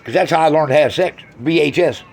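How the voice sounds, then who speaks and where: A man doing a crude, brash stand-up routine on a club stage, swinging from loud jabs to low mutters. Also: fast talker, vocal fry. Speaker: stand-up comedian.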